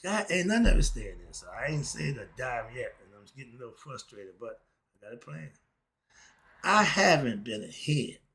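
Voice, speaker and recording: An older man talking casually and emphatically in a monologue, with laughing asides, swinging between loud and soft. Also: a little high, creaky, husky. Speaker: commentator.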